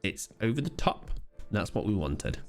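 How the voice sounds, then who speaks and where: A man's voice: lowish voice, very animated, normal speed, soft background music. A man streaming a game, chatting casually with swearing and mock outrage. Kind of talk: casual live-stream chat while gaming.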